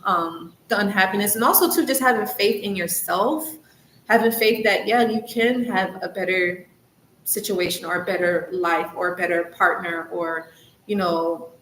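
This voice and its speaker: Chatty woman giving advice in an echoey room. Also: mid-range voice. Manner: chatty, loose, full of "like" and "you know"; earnest and encouraging, repeats herself for emphasis. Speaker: channel host, coach on recovery from narcissistic abuse. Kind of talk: casual advice vlog. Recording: echoey room with faint background hiss.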